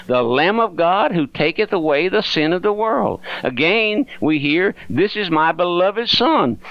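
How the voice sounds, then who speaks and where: A man's voice: on the high side, no echo, dull audio. A man preaching a radio sermon, earnestly pleading with listeners and addressing them directly as his friends.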